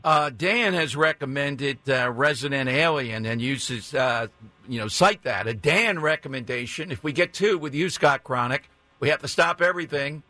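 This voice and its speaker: A man's voice: mid-range voice, normal speed, pushed and bright, no room sound. A man hosting a casual chat about television, reacting with enthusiasm.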